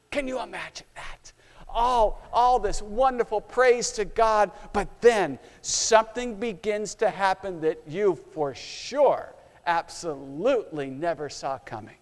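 A man preaching a sermon, telling a story dramatically and acting out its scenes. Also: sits high. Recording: long hall reverb.

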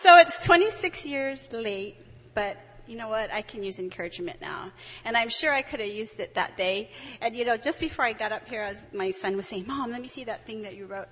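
Animated woman telling a story in a hall. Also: a little high, brisk, slight background noise. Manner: animated, excitable, laughs often. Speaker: testimony speaker. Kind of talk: personal storytelling to an audience. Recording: dull, reverberant hall recording.

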